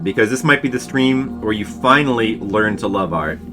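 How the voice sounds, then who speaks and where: This man in his forties, a webcomic artist streaming for patrons, sounds animated and a bit bright, his voice on the low side. He keeps a moderate pace with few pauses while drawing, reminiscing, answering chat and restarting frequently, over faint background music.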